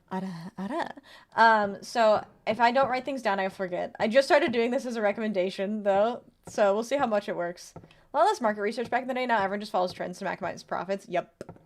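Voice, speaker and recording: A young woman streaming a horror game, chatting casually with viewers, greeting them and reading chat, with sudden excited outbursts between quiet mutters. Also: on the high side, brisk.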